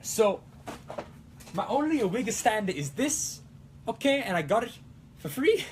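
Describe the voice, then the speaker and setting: This young adult cosplay show host has a high, sing-song voice and takes things slowly, with slight background noise. On his relaxed livestream he reads viewer comments in an exaggerated fake Italian accent, rambling and poking fun at himself.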